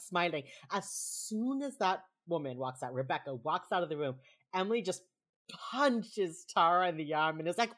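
A woman chats loosely with a co-host about the latest episode, her pitch rising and falling all over as she acts out the characters' lines. Her voice sits on the low side, and she swears easily as she tells the story. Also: expressive, a little fast. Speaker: podcast co-host. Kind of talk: casual chat recapping a TV episode.

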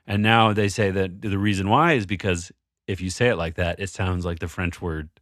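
Very low-voiced man chatting, dry sound. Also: steady tone, fairly bright tone, no echo. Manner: thinks aloud with many halting restarts. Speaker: co-host solving a word puzzle. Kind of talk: casual chat.

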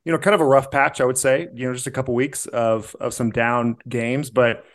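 A man's voice: mid-range voice, fairly even intonation, a little fast. A man co-hosting a sports podcast, asking questions in a casual, jokey way and laughing often. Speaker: podcast co-host.

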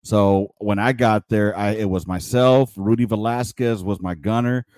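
A man's voice: fairly low pitch, normal speed, darkish tone, dry recording. A man hosting a podcast, an army veteran trading crude, joking, swear-filled stories with an old comrade. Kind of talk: casual podcast chat.

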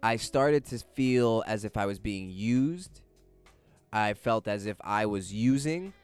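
A young man casually telling a personal story out loud, animated, swearing freely and laughing as he goes. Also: on the low side, slow pace, smooth, faint music behind.

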